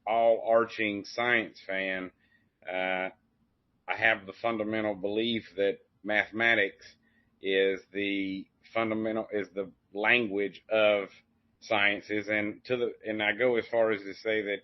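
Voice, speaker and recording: A man's voice: fairly low pitch, level tone, unhurried, no echo. A man hosting a podcast, chatting in a rambling, folksy way full of fillers and restarts. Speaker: podcast host. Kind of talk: casual conversation. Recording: dull, dry lo-fi audio.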